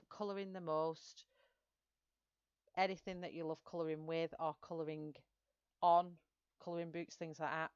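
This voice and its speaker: Broad Lancashire woman chatting, low voice. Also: smooth, dry recording, lo-fi sound. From Greater Manchester, England. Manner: chatty, answers live chat comments. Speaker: livestream host colouring. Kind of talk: casual chat with viewers.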